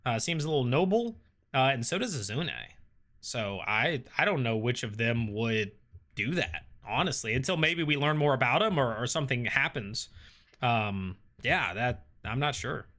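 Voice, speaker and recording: A man's voice: medium pitch, lively intonation, normal speed, bright, forceful tone. A man hosting a casual livestream, reading viewer comments aloud and answering them with lots of ums and uhs. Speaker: streamer reading live chat.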